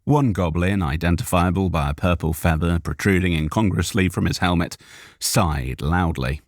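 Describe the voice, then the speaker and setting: Casting: low, gravelly male narrator, slow and expressive, dry close studio sound. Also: no room sound. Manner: expressive, careful storytelling. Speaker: audiobook narrator. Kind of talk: live audiobook narration with retakes.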